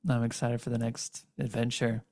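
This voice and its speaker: A man's voice: medium pitch, monotone, normal speed, gravelly, mellow, no room sound, studio quality. A man hosting a faith podcast, affirming and reflecting on his guest's story in casual chat. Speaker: host.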